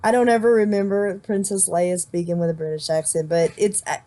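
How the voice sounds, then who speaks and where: A woman hosts a casual movie discussion in a lowish, level, mellow voice, speaking fairly quickly. She's chatty and long-winded, explaining at length and often restarting her sentences.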